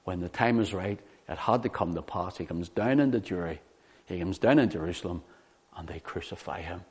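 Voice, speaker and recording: Animated low-voiced male preacher. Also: fairly quick, breathy edge. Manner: animated, asks the listeners rhetorical questions. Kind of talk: sermon, Bible teaching.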